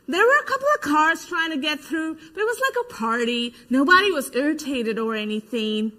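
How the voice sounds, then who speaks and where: Actress playing a high, bright-voiced protester witness. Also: female voice. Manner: vivid retelling that acts out quoted voices. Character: adult female protester giving eyewitness testimony. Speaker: stage actor. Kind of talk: verbatim theater monologue.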